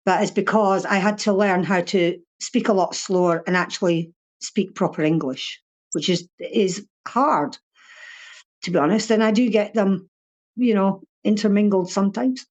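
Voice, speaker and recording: A woman's voice: mid-range voice, fairly even intonation, moderate pace, lo-fi sound. An older woman with a Fife Scottish accent, a guest chatting bluntly in an interview, swearing freely and laughing often. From Scotland (Fife). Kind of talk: casual interview chat.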